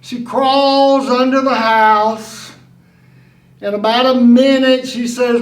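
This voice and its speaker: A male storyteller with an unusually high voice tells a tale live. He speaks slowly and folksily. The sound is roomy and picked up from across the room. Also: fairly even intonation, recorded from a distance. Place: museum venue.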